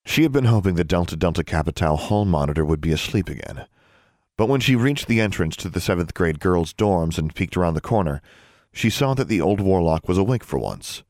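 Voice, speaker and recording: Deep male narrator, lively expressive read, dry booth sound. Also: a little fast, no room sound. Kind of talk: audiobook narration.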